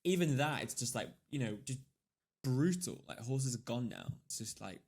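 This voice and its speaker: A man's voice: medium pitch, very animated, moderate pace, vocal fry, a little mellow, slightly rough. A man co-hosting a podcast, talking animatedly with lots of fillers and casual swearing. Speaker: podcast co-host. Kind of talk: casual chat.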